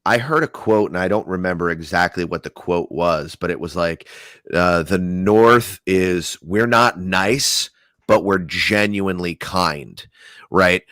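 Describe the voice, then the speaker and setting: A man with a very deep voice chats casually on a podcast, cursing freely and acting out little scenes as he tells them. The sound is dry and close, with no room around it. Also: measured pace, no echo. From New Jersey area. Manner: profane, animated storytelling. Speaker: podcast co-host.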